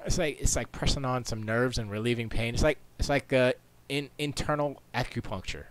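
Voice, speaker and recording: A man's voice: mid-range voice, a little fast. A man streaming from his home studio, rambling to himself in casual chatter while setting up. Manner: rambling, talks to himself, mutters and jokes.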